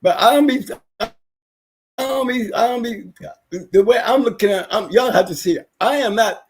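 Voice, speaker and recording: A man with a notably high voice holds forth on a livestream. He rants emphatically, often circling back and repeating his points. He has been unwell lately. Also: normal speed, breathy edge. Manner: ranting, repetitive, emphatic. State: recovering from illness. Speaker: livestream guest. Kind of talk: casual livestream rant.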